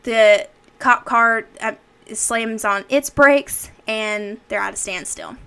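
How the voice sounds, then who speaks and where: A woman with a fairly high, bright, clear and resonant voice speaks at a slow pace. As a podcast co-host, she casually recaps a horror movie scene by scene, chatty and full of fillers, acting out quoted lines.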